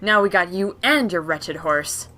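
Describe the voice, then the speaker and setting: A woman voicing a sneering game villain who shouts threats. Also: lowish voice, animated, measured pace. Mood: gloating. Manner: loud, sneering. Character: gloating menacing villain ambushing a rider.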